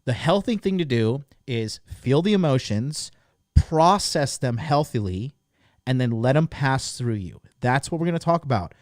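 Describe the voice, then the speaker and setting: Recorded cleanly in a studio with no room sound, this man in his thirties speaks at a normal speed and medium pitch. Hosting his podcast, he pitches a course casually, swearing a lot, leaning on "like," and hitting his points with animated emphasis.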